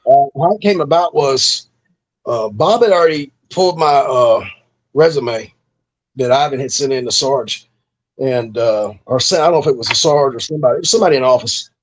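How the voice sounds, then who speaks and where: A middle-aged former pro wrestler recounts stories from his career in a casual storytelling interview. His voice is medium-pitched and a little fast, and he's laid-back and profane, using lots of fillers.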